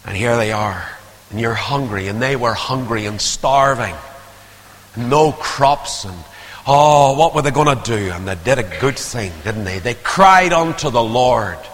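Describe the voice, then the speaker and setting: Preacher in an echoing hall. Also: male voice, mid-range voice, a little slow. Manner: dramatic swings from hushed to loud. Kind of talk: sermon. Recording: long hall reverb.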